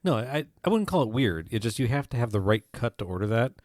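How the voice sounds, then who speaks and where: A man co-hosting a casual podcast, firing off quick wisecracks and banter. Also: medium pitch, big pitch swings, a little mellow, no echo, studio quality. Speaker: podcast co-host. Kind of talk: casual chat.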